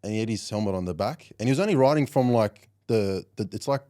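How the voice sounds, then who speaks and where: A man's voice: fairly low pitch, fast. A young Australian man in his twenties, a guest on a casual podcast, telling stories with lots of "like" and "you know.". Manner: animated storyteller, heavy use of "like" and "you know". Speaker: guest, professional rugby league player.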